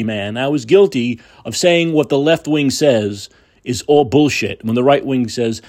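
A man's voice: a little high, big pitch swings, brisk. A man hosting a political talk show, delivering a combative, sarcastic monologue with profanity. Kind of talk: opinionated monologue.

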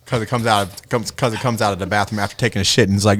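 A man chatting casually with friends, telling stories in an animated way and swearing freely. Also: on the low side, racing, few pauses. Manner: animated storyteller, swears freely, bursts into loud laughter. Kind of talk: casual chat among friends.

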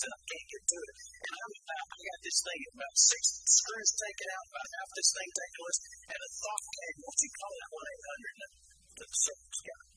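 Middle-aged man, pastor, homespun sermon anecdote, wildly animated delivery over background music. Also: very high-pitched, low-quality recording. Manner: homespun, rambling anecdotal delivery with rural turns of phrase. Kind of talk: folksy sermon storytelling.

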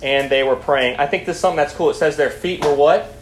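A young adult man leads a student Bible study, preaching with animation, reading scripture aloud and putting questions to the group. His voice is on the high side and he talks fast. The room is echoey, with faint background noise.

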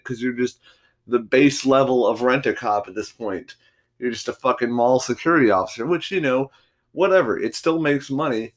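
A man hosting a solo podcast, telling stories in a rambling, profanity-filled, combative rant. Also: medium pitch. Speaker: podcast host.

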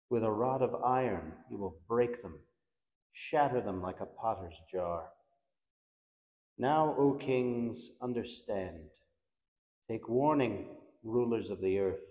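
A man reciting the Divine Office in a solemn, measured liturgical manner, letting each response fall away at its end. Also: lowish voice, mellow. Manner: measured, reverent, with falling endings on responses. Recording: echoey room.

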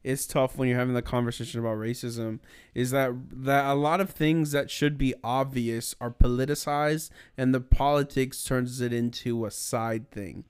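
Young guy on a podcast, smooth clear voice, halting, keeps restarting while he works out his point. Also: medium pitch, steady tone. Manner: thoughtful, halting, many restarts. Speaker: podcast co-host. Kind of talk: casual chat.

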